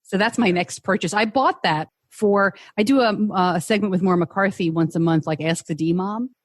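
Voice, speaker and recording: A woman hosting a podcast, talking in a chatty, animated way and laughing often, recorded on a desk mic at home. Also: medium pitch, moderate pace, no echo, studio quality. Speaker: podcast host. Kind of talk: casual group chat. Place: home studio. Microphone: desk microphone on a stand.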